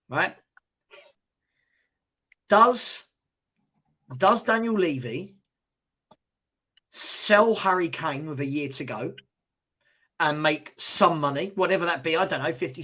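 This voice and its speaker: Animated man, questioning the chat. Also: fairly high pitch. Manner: animated, asks the chat questions, stammering restarts. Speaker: co-host of a live football fan show. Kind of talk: live-stream fan chat.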